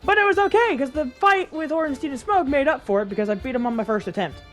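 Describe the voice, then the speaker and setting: A woman's voice: high voice, animated, quick pace, faint music behind. A woman narrating her own gameplay footage in casual commentary, exasperated, self-mocking and swearing freely. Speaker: gaming YouTuber.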